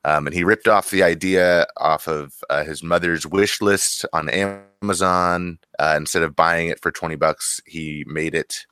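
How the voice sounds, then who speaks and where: Male co-host, very deep and forceful tone, casual rambling delivery. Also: fairly even intonation, unhurried, few pauses. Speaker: podcast co-host. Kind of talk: casual chat.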